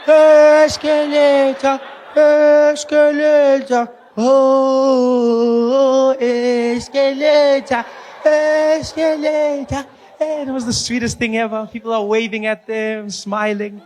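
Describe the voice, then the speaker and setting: A man performs a stand-up set, his voice sitting high for a man. He tells his story in an animated way and slips into put-on voices now and then. A faint hum of room noise sits under him. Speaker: stand-up comedian.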